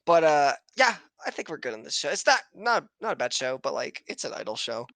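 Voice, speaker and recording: A man's voice: fairly high pitch, sing-song, fairly quick, gravelly, fairly bright tone, no room sound. A man hosting a podcast, casually recapping an anime episode with lots of swearing and laughter. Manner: profane, laughs often, loose rambling retelling. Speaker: podcast host.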